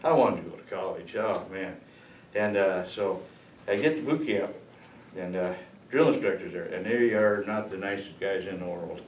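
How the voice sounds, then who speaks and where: Speaking to a group of students, this veteran in his sixties drifts through his stories with chuckles, pauses, and filler words, his voice on the low side. He was recorded from a distance in a roomy, echoing space with a little background noise.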